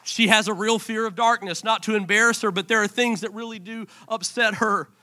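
Bright-voiced, high-pitched male pastor preaching. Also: fairly even intonation, brisk. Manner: impassioned, swinging from hushed to emphatic. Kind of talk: sermon. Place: church.

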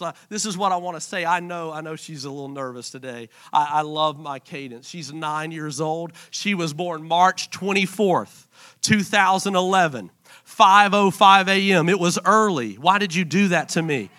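A man in his thirties preaching a sermon in church, impassioned, dropping to a hush and then rising to emphatic lines. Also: fairly high pitch, moderate pace. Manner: impassioned, swinging from hushed to emphatic. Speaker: pastor.

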